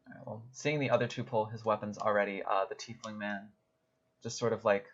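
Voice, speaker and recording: Serving as game master for a tabletop game, a man narrates briskly in a fairly low voice with little pitch movement. His speech is hesitant and packed with "like" and "um," and the audio is dull and lo-fi.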